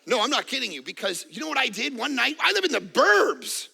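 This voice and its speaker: A middle-aged man preaching a sermon as a pastor, animated, acting out little voices and jokes. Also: very high-pitched, brisk, creaky, breathy edge. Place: church auditorium.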